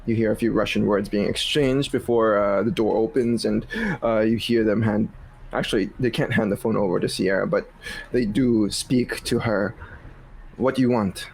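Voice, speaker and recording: Gravelly low-voiced man running the game. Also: low-quality recording. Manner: relaxed, unhurried narration with fillers. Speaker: game master. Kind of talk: narrating a tabletop game.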